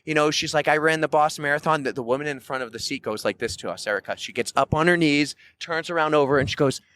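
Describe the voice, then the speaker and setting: A man from New Hampshire, a podcast co-host telling a story in casual chat, loud and animated, acting out quoted voices. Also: a little high, fast talker. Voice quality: loud, carrying voice.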